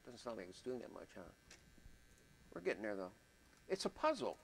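Guy with a lowish voice walking thru a beat tutorial, chatty, says the drum fills out loud. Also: animated, brisk, creaky, a little hiss or hum, poor audio. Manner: thinks aloud, chatty, vocalizes drum patterns. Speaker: music teacher. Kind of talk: casual step-by-step music production tutorial.

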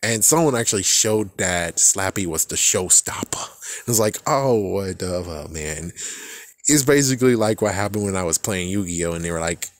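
A young man giving a casual, rambling fan reaction, excitable and swearing freely as he trails off and restarts. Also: on the low side, fairly quick, no room sound. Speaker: fan vlogger.

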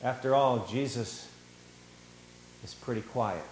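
A man preaching a sermon in a church, animated and theatrical, acting out the voices of the people he talks about. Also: medium pitch, takes it slowly, roomy sound, a little hiss or hum, rough recording. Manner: animated, acts out quoted voices. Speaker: pastor. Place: church sanctuary.

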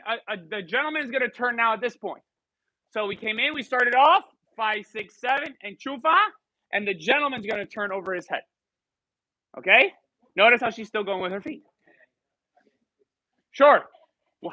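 A male salsa instructor leads a live class, counting the beats and calling out moves as the dancers go. He mixes Spanish and English cues, and his voice is fairly high and very bright. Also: no room sound, low-quality recording.

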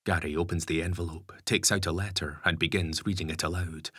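Low husky male audiobook narrator. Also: steady tone, brisk, hardly any pauses, pushed and bright, no echo, clean studio sound.

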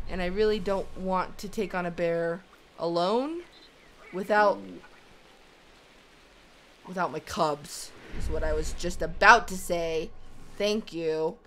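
A woman's voice: mid-range voice, fairly bright tone, a little hiss or hum. A young woman giving casual let's-play commentary, chatting to the animals in her game as if they were her kids. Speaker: gaming YouTuber.

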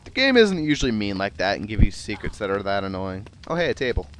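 Fast and very animated, a lowish-voiced South Jersey man riffs sarcastically over music while playing a video game. The let's play chatter is casual, with plenty of offhand swearing.

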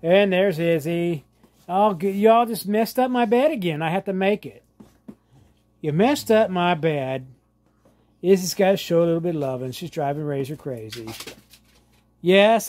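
A man with a high-sitting, dark-toned voice shows off his dogs in a casual home vlog from his living room. He speaks to the pets with a fond drawl and laughs frequently.

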